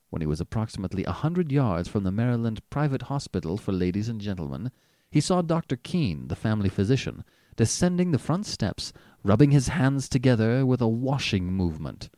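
A man narrating a classic story as an audiobook, in an expressive, animated reading. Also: fairly low pitch, no echo, studio quality. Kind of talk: scripted narration.

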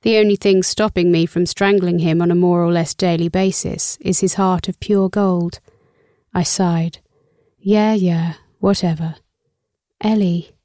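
A woman's voice: fairly low pitch, level tone, normal speed, warm tone, clear, resonant tone, dry recording, studio quality. A young adult woman narrating a first-person story in a wry, sarcastic and profane way. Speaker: audiobook narrator.

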